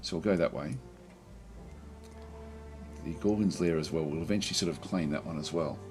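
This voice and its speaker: Low-voiced male let's-player, thinks aloud, halting delivery, faint music behind. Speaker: game commentator. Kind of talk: strategy game let's play commentary.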